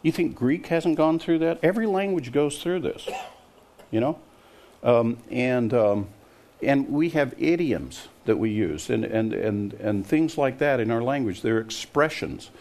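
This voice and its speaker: A man's voice: mid-range voice, lively intonation, a little slow, a little mellow, a little hiss or hum. An older man preaching a sermon, emphatic and scoffing, often putting questions to his listeners. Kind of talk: sermon to a congregation.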